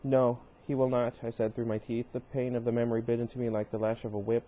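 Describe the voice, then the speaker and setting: A man's voice: medium pitch, level tone, quick pace, mellow. A man reading a novel aloud, stumbling now and then and breaking off for wry asides. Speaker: reader.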